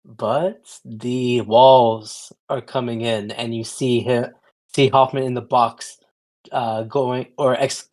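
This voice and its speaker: A man's voice: mid-range voice, flat delivery, slow, a little mellow. A man co-hosting a casual podcast about horror films, speaking hesitantly with many fillers and restarts. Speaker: podcast co-host. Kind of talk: casual movie-review chat.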